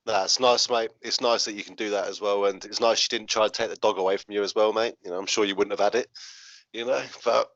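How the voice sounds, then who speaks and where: A podcast host talks fast and loud, a man with a lowish voice who keeps calling his guest "mate." He sits in a spare room at home and speaks over a laptop or phone call. The sound is dry and dull. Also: steady tone, dry recording. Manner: loud, chatty, says "mate" a lot. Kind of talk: casual interview chat. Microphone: laptop or phone over a video call.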